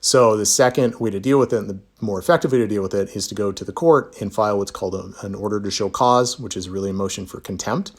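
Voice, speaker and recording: A man's voice: lowish voice, fast talker, few pauses. A man, a divorce attorney, chatting casually in a live Q&A, reading viewer comments aloud and answering with easygoing, self-deprecating humor. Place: Utah.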